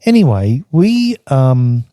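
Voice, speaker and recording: An older man from Australia telling a rambling travel story on a podcast, halting and restarting as he reads from his journal. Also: mid-range voice, very animated, mellow, no echo, clean studio sound. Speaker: podcast guest recounting travels. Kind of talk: casual storytelling chat.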